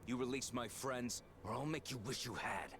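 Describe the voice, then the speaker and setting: A man doing a gravelly, furious outlaw. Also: mid-range voice, normal speed, close to an everyday voice. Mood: furious, threatening. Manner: snarling, threatening, cursing. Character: furious rough male outlaw, hot-tempered. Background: game music.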